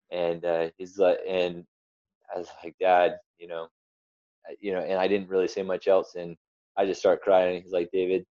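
Young man, very low and mellow, earnest and rambling; dull, dry lo-fi sound. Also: no echo. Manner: earnest, rambling storyteller with restarts. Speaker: interview guest. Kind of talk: personal testimony.

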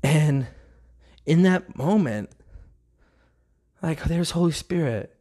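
Brief: man, fairly high voice, earnest confessional testimony, halting restarts. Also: expressive, mellow. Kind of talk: personal faith testimony.

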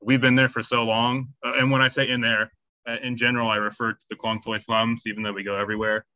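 A man's voice: medium pitch, level tone, fast, sharp tone, no room sound, dull audio. A man answering interview questions about volunteer work, hesitant, with many ums and restarts. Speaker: charity volunteer.

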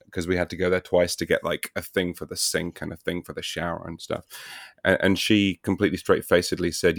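A man with a very low voice chats on a podcast, winding through an anecdote with wry asides. The sound is close and dry, with no room around it. He talks loosely and keeps circling back to finish his thought. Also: little pitch movement, fast, vocal fry, no echo. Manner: rambling, self-deprecating storyteller. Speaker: podcast co-host. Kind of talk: casual chat. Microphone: home mic on a remote call.

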